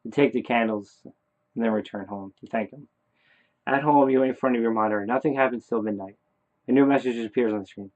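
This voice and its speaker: A man reading a horror text game aloud in second person, halting and correcting his own slips. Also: medium pitch. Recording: tinny phone-like sound.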